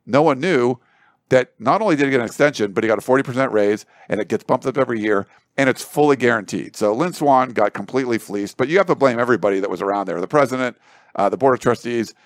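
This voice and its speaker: A man's voice: mid-range voice, fast, no echo. Rambling casual male sports analyst. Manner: rambling, loose, full of fillers and analogies. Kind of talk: casual panel discussion.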